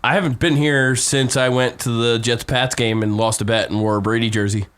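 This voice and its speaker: A man's voice: medium pitch, fairly even intonation, brisk, fairly bright tone, smooth. A drunk man on a casual podcast, telling a rowdy, profane story and acting out the quotes. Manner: rowdy storyteller, swears a lot, acts out quotes. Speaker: podcast host.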